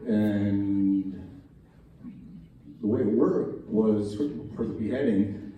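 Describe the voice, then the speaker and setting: Lowish and warm-toned, a man performs stand-up jokes at a college talent show, telling them like folksy stories and slightly altering his voice for quotes. Heard from afar in a very echoey event hall, there's slight background noise, faint room ambience, and audience laughter.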